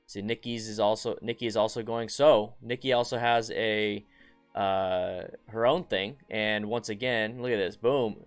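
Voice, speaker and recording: A man hosting a relaxed live stream, talking easily and answering viewers as if among friends. His voice is smooth and clear, with sudden bursts of excitement. Faint music plays in the background. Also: fairly low pitch, normal speed. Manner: chatty, reads viewer comments aloud, bursts of excitement. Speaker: motorcycle channel host. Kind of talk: casual live stream chat.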